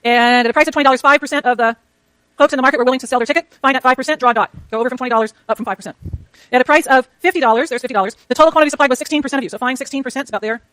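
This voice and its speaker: A woman lecturing a university economics class, rushing through clicker questions and talking to herself as she works her slides. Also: high voice, a bit bright, dry recording. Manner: rapid, chatty, self-talk while working slides. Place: lecture hall.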